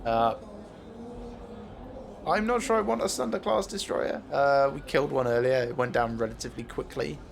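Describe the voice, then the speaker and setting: Man, streamer, casual gameplay commentary, thinking aloud, frequent filler pauses, mid-pitched voice. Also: lively intonation, vocal fry.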